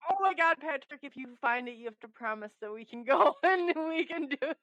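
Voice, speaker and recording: A woman's voice: sits high, expressive, a little fast, fairly bright tone, lo-fi sound. A woman co-hosting a radio show, reacting eagerly and laughing along with her guest. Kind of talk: casual chat.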